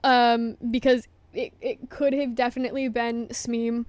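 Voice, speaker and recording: Flustered high-voiced young woman streamer. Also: level tone, measured pace, no echo. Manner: flustered, apologetic, swings from hushed to loud. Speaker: livestreamer. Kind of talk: casual livestream chat.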